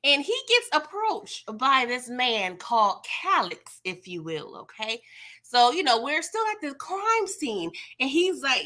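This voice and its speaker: A young woman hosts a live TV recap stream and chats casually with her viewers. Her voice is bright, forceful and a little high. She talks in a loose, slangy way and laughs often. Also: sing-song, a little slow.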